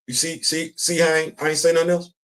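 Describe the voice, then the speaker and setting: A man's voice: on the high side, completely flat delivery, fast talker, a bit bright. A man hosting a casual commentary show, talking bluntly and emphatically, repeating his points. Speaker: podcast host.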